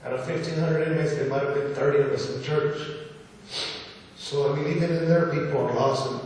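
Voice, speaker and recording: A man's voice: on the high side, steady tone, fairly quick, a little mellow. A man speaks earnestly to a congregation, his voice washing through a large, very reverberant sanctuary. He is picked up from some distance, with a faint room hum underneath. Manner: earnest, repetitive, emotional. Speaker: church testimony speaker. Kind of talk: personal testimony to a congregation. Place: church sanctuary. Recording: echoey hall from far off.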